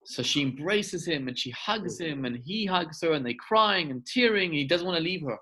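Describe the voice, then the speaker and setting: A man's voice: a little high, animated, moderate pace, pushed and bright. Man preaching a sermon on a video call. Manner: storytelling, repeats words for emphasis. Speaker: rabbi.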